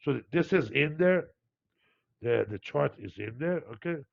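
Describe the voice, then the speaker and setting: A man's voice: on the high side, animated, moderate pace, vocal fry, muffled recording. A man hosting a market review, talking in a rambling, digressive way with many fillers and restarts. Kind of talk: rambling live market commentary.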